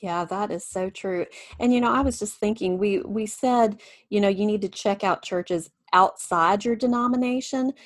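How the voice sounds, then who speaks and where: A woman co-hosting a podcast, talking in an earnest, emphatic and lively way. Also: medium pitch, moderate pace, hardly any pauses, no echo. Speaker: podcast co-host. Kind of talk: casual podcast discussion.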